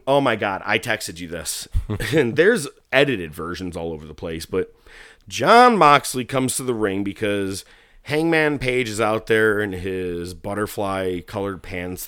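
A man's voice: fairly low pitch, clear, resonant tone, dry recording, clean studio sound. A man co-hosting a casual wrestling podcast, telling stories with lots of swearing and acting out what people said. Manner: animated storyteller, swears freely, acts out quotes. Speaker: podcast co-host.

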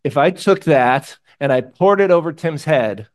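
A man's voice: fairly high pitch, lively intonation, measured pace. Conversational male preacher. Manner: conversational, emotional, asks the audience questions. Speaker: pastor. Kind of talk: sermon.

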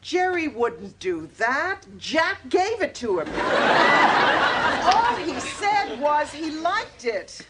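A fretful older mother in a sitcom, a woman over sixty who sounds indignant. Her high voice swings widely as she insists on her point, and she speaks slowly. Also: very animated, over a noisy crowd, very noisy, exaggerated voice. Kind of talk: sitcom acting.

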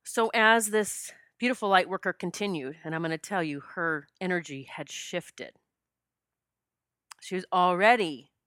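A woman's voice: on the low side, fairly bright tone, no room sound, studio quality. A woman hosting a podcast, telling a personal spiritual story and getting choked up as she talks. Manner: emotional, gets choked up. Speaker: podcast host.

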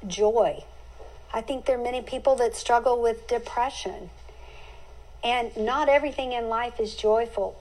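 A woman's voice: a little high, low-quality recording. A middle-aged woman hosting a Bible teaching podcast, speaking earnestly and heartfelt, with homey turns of phrase.

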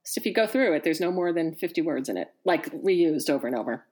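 A woman's voice: low-pitched, animated, fast talker, a little mellow. A woman co-hosting a podcast in casual chat, reacting often and laughing easily. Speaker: podcast co-host.

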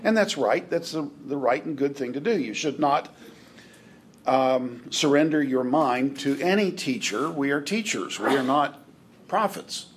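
A man teaching a Bible class in a halting way, with restarts and dry joking asides. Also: mid-range voice, lively intonation, slight background noise.

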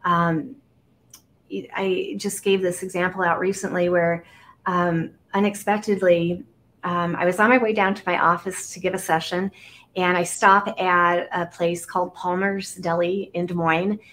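A woman from Iowa, a guest on an interview show, talking casually with many fillers and animated storytelling. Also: lowish voice, a little slow. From Iowa, United States.

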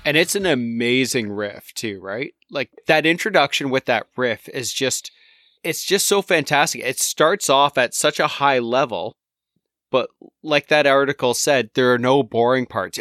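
Casting: male podcast co-host, mid pitch, dry close mic, excited chatty delivery. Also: unhurried, no echo. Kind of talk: casual music podcast chat.

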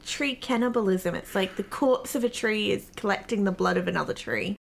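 A woman's voice: medium pitch, brisk, gravelly. A woman with an Australian accent in a casual podcast chat, playful and teasing.

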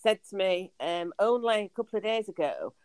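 A woman's voice: mid-range voice, expressive, normal speed, a little mellow, clear, resonant tone. A middle-aged woman co-hosting a podcast in casual chat, often repeating words and ending on tag questions. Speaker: podcast co-host.

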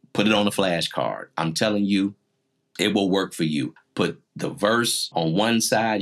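A man's voice: deep voice, a bit bright. A man in his forties preaching a teaching sermon in numbered points, emphatic and repetitive. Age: 40s.

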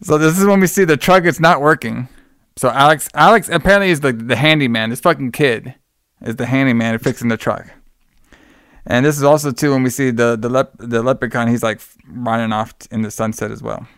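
A man co-hosting a casual movie recap podcast, joking and swearing a lot, and acting out characters in a high voice. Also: fairly quick, a bit bright, smooth, no echo, studio quality. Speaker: podcast host.

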